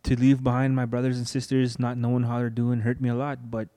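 A man's voice: mid-range voice, completely flat delivery, fairly quick, dark tone. A young man telling his personal story of loss in an earnest, emotional way, acting out what people said to him. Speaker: guest. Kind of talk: personal testimony in conversation.

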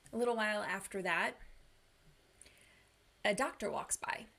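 A woman's voice: mid-range voice, slow, gravelly, bright, forceful tone. A young woman who coaches people through anxiety and depression, giving an earnest, casual motivational talk. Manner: earnest, casual, uses "like" a lot. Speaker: mental health coach.

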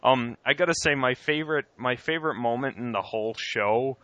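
A man's voice: mid-range voice, fairly quick, fairly bright tone, no echo, muffled recording. A young man co-hosting a podcast, chatting casually with many fillers and acted-out quotes. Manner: rambling, lots of fillers, acts out quotes. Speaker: podcast co-host. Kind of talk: casual chat.

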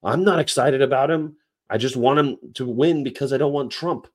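A man's voice: medium pitch, moderate pace. A man hosting a livestream, chatting casually and rambling between topics and read-aloud definitions. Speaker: livestream host.

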